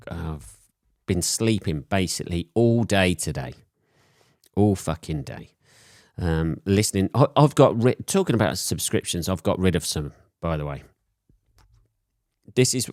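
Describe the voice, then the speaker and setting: A man's voice: deep voice, darkish tone, dry recording, clean studio sound. A man with a sore throat from a cold, hosting a solo podcast and rambling in crude, profane jokes. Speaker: podcast host.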